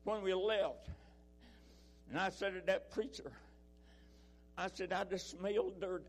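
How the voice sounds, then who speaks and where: High-voiced emphatic preacher man. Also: slow pace, pauses often. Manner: emphatic, repeating phrases, swinging loud and soft. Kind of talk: sermon.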